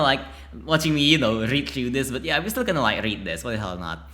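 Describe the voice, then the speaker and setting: Male game host, reads text aloud then reacts; bright, forceful tone, lots of casual fillers. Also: mid-range voice, moderate pace. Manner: excitable, chatty, many filler likes and restarts.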